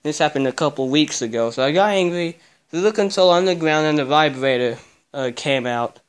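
A man's voice: a little high, lively intonation, fairly quick, clear, resonant tone. A young man grumbling and swearing through a casual vlog while he cleans a cluttered bedroom. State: out of breath. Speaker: vlogger.

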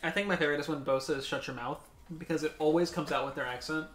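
A woman guiding her friends through the game, explaining as she goes. She talks fast in a slightly low voice. The room adds a clear echo. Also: steady tone. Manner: explaining, giving directions. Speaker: streamer, guides the game. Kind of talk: casual group chat while gaming. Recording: roomy sound.

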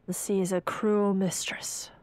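A woman's voice: medium pitch, little pitch movement, measured pace, a little mellow, close to an everyday voice. A woman voicing a pompous middle-aged male town mayor who speaks in a formal, old-fashioned way.

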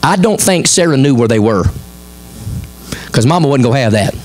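A middle-aged man with a Southern American accent, preaching a sermon as pastor, folksy and animated, acting out the people in the story in quick voices. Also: on the high side, soft background music, a faint crowd.

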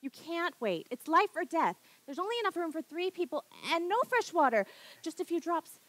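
High-voiced, relentless wife, played by a woman on stage; theatrical, insistent, dry sound. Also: lively intonation, moderate pace, fairly bright tone, no echo, low-quality recording. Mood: dramatic. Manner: insistent, vivid storm narration, theatrical. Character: relentless wife pressing husband in lifeboat game. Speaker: stage actor. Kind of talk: live stage play acting.

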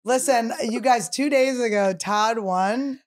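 A woman's voice: fairly high pitch, takes it slowly. A woman hosting a casual comedy podcast, teasing and giggly as she steers the chat. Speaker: podcast host.

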